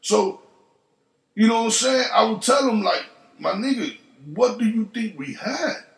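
A man hosting a podcast, telling a story in a profane, animated way and acting out the voices of the people in it. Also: high-pitched, unhurried, reverberant. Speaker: podcast host. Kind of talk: casual storytelling monologue.

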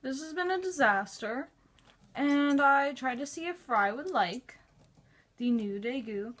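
A young woman talking casually to the camera in a vlog, nervous and frantic with her pets, then flat and tired as she recaps her day. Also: sits high, unhurried. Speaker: vlogger.

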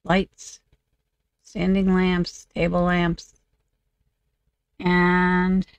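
A woman chats through her game at an unhurried pace and mutters to herself as she works. Her voice is gravelly and a little off, with an occasional cough. The sound is dry and close, with no room around it. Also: lowish voice, completely flat delivery, no room sound. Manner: muttering to herself while working. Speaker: video game creator. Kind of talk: casual gameplay commentary.

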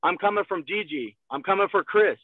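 A man's voice: sits high, animated, brisk, dry recording. A man on a sales call giving direct coaching advice and repeating his instructions. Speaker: guest sales leader. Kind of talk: motivational sales talk on a call. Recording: tinny, dry phone-like call audio.

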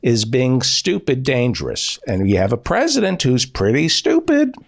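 A middle-aged man hosts a comedy podcast and lectures his guest with wry, playful emphasis. His pitch swings very widely, jumping high and dropping low as he makes his points. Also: huge pitch swings, normal speed, creaky, breathy edge. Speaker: podcast host.

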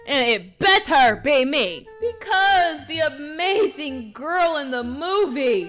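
A woman's voice: high-pitched, lively intonation, slow, few pauses, fairly bright tone, soft background music. A woman narrating and acting a game role-play in a sassy, bossy, slangy way.

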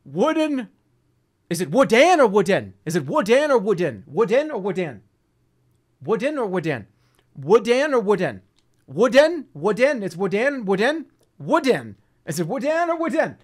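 Excitable, loud man streaming. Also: high voice, normal speed. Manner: excitable, loud outbursts, swearing, laughing. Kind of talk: casual live-stream chatter.

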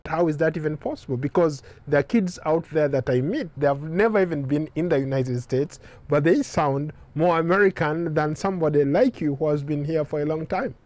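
A man interviewing a guest, asking questions hesitantly with many filler pauses. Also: a little high, a little mellow, no echo.

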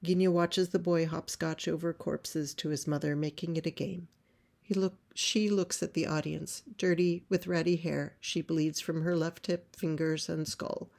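A woman reading a play script aloud, describing stage directions in a measured way. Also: low voice, steady tone, creaky, darkish tone. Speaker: playwright reading her script.

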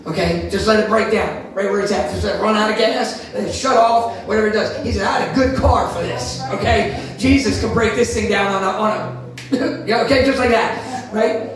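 A man preaching a sermon wrap-up, telling animated stories with sudden shouts. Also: high-pitched, brisk, a crowd in the background. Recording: echoey room from far off.

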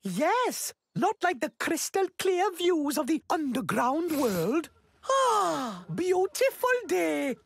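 A woman's voice: high-pitched, sing-song, slow pace, creaky, dry recording, full character voice. A woman voicing a timid, wistful male mole, fussy and self-deprecating in manner.

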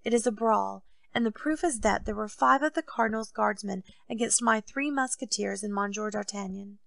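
Woman as a deferential musketeer captain, measured, gravelly tone, dry sound. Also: mid-range voice, dry recording, close to an everyday voice. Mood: earnest. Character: loyal, respectful male captain of musketeers.

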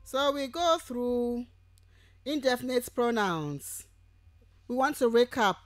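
A woman's voice: on the high side, expressive, soft background music. A woman university lecturer giving a radio lecture on grammar, going through examples one word at a time. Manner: slow, deliberate, lists examples one by one. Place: radio studio.

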